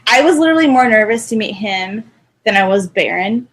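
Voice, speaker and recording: A woman's voice: mid-range voice, lively intonation, fairly quick. A young woman co-hosting a podcast in casual chat, talking in a chatty, gushing way and giggling often. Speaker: podcast co-host.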